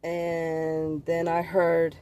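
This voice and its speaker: A man's voice: on the high side, completely flat delivery, extremely slow, darkish tone, clean tone. A man giving an earnest, rambling personal testimony of his dreams and visions, often repeating and restarting his words. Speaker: vlogger sharing visions.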